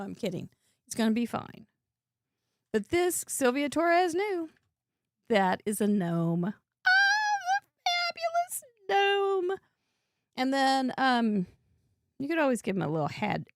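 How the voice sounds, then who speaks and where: A woman's voice: high-pitched, creaky, dry recording, studio quality. A woman hosting a live crafting show, chatting in a bubbly way and laughing often while she works. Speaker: host. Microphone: headset earbud.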